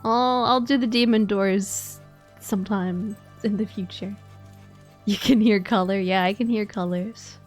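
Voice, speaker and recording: A woman's voice: mid-range voice, fairly even intonation, a little slow, faint music behind. A woman streaming a game, chatting playfully and rambling as she plays. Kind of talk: casual gameplay chat.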